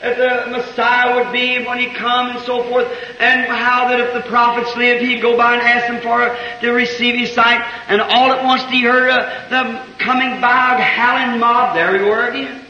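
A man preaching a sermon, acting out dramatic quotes and rising to shouted climaxes. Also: very high voice, level tone, moderate pace, few pauses, a little hiss or hum. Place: church service with congregation. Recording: dull echoey old church recording.

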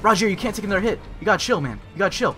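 A young man giving crude, excitable commentary while playing a video game, swinging from mutters to yells. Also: high-pitched, rapid-fire, faint music behind. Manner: crude joking. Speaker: gaming YouTuber. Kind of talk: Let's Play commentary.

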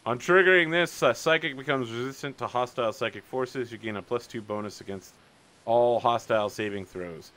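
A bright-toned man runs a tabletop game over a voice call. He talks casually and animatedly, laughing along with the players. Every so often he reads the game rules aloud. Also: mid-range voice, a little fast. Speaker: game master.

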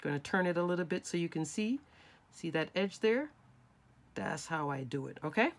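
A woman's voice: lowish voice, lively intonation, normal speed. A woman hosting a craft tutorial, talking casually and instructively while she works step by step with her hands. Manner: chatty, instructive, talks while working with hands.

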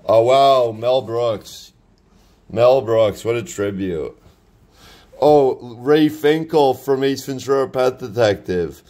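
A man's voice: medium pitch, slow pace, warm tone. A man in his thirties rambling casually about his sketchbook drawings, with many fillers and restarts. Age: 30s. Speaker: artist showing his sketchbook.

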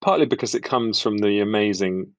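A man's voice: lowish voice, a little fast, no room sound. A middle-aged British man with a British accent, an actor chatting as an interview guest in a wry, self-deprecating way. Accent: British English. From England. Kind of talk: relaxed interview chat.

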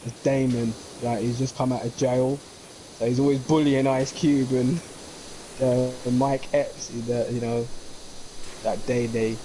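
A young man chats as a streamer over a game, rambling from one joke to the next. His voice is mellow and relaxed at a middle pitch. A faint hiss sits under the recording. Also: a little slow, poor audio. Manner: rambling, jokey, slips into mock accents. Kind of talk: casual chat while gaming.

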